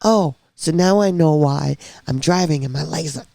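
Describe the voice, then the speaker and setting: Candid middle-aged woman, gravelly, animated storyteller in casual interview chat. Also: low-pitched, normal speed, dry recording. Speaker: podcast guest sharing her diagnosis story.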